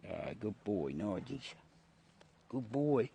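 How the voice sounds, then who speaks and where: Chatting to his viewers on a nighttime outdoor livestream, a middle-aged Australian host speaks at a measured pace in a medium-pitched voice. He rambles casually, relaxed, chuckling and swearing freely.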